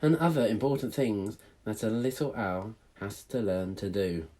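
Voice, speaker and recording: A male teacher reading a storybook aloud to children in a playful, animated way. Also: lowish voice, moderate pace.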